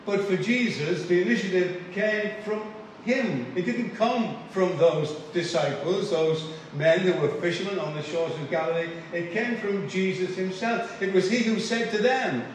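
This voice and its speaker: A man preaching a sermon in an earnest, measured way, repeating key phrases for emphasis. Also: high voice, recorded from a distance, slight background noise. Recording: echoey room, voice from afar.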